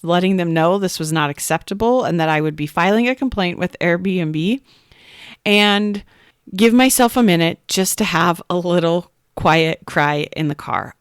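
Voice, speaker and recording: Woman podcast coach in her thirties, low-ish smooth voice, dry close mic, earnest storyteller. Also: dry recording.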